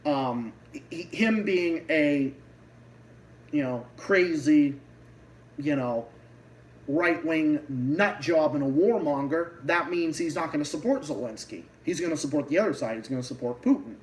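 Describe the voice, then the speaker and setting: A man with a Boston accent rants about politics on a livestream, swearing freely and often restarting mid-sentence. His voice sits a little high for a man. He sounds slightly distant, as if sitting back from the microphone. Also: expressive, a little slow, darkish tone, slight background noise. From Massachusetts. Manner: heated, profane ranting with many restarts. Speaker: livestream host.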